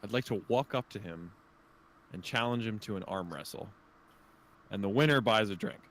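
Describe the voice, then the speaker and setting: A man's voice: lowish voice, moderate pace, fairly bright tone, slight background noise. A man playing a tabletop game, joking and playful, laughing often. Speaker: player. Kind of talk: casual tabletop play.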